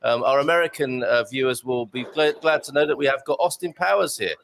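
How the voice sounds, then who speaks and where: A man's voice: mid-range voice, a little fast, vocal fry, a bit bright, a little hiss or hum. A male host of a live chat show, jokey and chatty, reading out viewer messages between guests.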